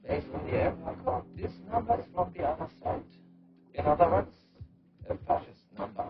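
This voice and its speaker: A man's voice: sits high, expressive, normal speed, over music. An actor voicing a snide male pet companion with a British accent, making blunt, cutting remarks. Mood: dry, snide. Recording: dull lo-fi game audio.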